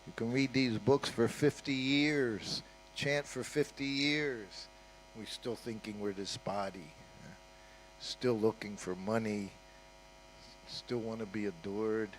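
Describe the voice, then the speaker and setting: A man's voice: on the low side, takes it slowly, a little hiss or hum, low-quality recording. Older man telling stories in a talk. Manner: conversational, with frequent "you know" and "huh?" asides. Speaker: guest speaker at a temple. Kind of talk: anecdotal storytelling talk.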